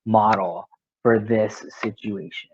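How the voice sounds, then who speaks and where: A man's voice: lowish voice, fairly even intonation, takes it slowly, muffled recording, very noisy. A male teacher explaining a math lesson step by step, often checking in with "right?".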